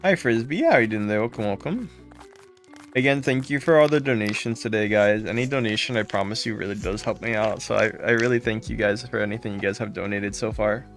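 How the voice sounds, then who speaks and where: A man's voice: on the low side, fairly quick, faint music behind. Man greeting viewers on a live stream. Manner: greets chatters by name, repeats thanks. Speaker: game streamer. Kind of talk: casual live-stream chat.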